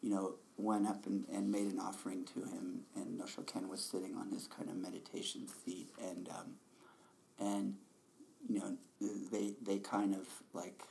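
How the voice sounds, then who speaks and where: Gravelly-voiced male meditation teacher. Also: low voice, normal speed, slight background noise. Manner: relaxed, laughing, conversational. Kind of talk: dharma talk.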